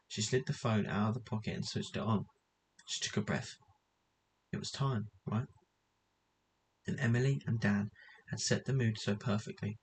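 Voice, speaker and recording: A man reading a novel aloud in a steady manner, now and then stumbling and restarting a word. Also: fairly low pitch, slight background noise, low-quality recording. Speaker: audiobook reader.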